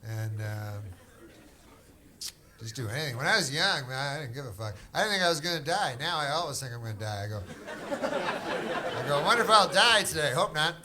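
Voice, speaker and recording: A middle-aged man from Canada doing stand-up crowd work, with rambling, deadpan, drawling storytelling. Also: medium pitch, moderate pace, pauses often. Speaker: stand-up comedian. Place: comedy club stage. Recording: live club set with a loud crowd. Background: audience laughter.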